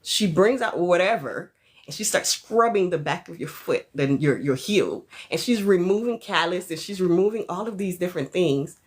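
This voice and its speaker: Woman doing a chill livestream chat, lowish voice, giggles a lot, shouts out viewers. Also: expressive, moderate pace. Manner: chatty, laughs often, thanks viewers mid-sentence. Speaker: livestream host.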